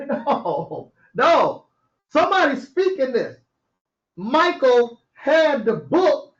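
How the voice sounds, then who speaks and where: A man with a very high voice teaches scripture at an unhurried pace. He reads verses aloud and then talks them through casually, chuckling as he goes. The recording is echoey and muffled. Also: sing-song. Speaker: preacher. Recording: roomy, dull lo-fi audio.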